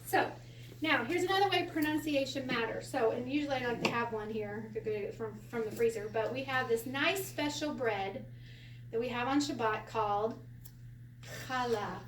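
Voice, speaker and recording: Woman teacher, high and chatty, laughs a lot, recorded from across an echoey room with light hiss. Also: fairly quick, far from the mic. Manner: chatty, laughs often, animated storytelling. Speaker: Hebrew teacher. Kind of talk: casual classroom lesson.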